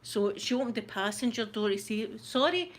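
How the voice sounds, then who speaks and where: A middle-aged Scottish woman, the host of her channel, telling a story in a casual chat, animated and laughing often. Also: medium pitch, brisk.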